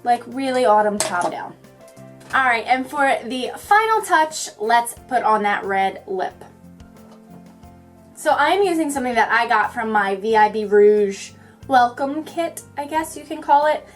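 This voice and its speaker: Fast-talking bubbly young woman vlogger. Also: a little high, expressive, soft background music. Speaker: beauty vlogger. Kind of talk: chatty makeup tutorial talk-through.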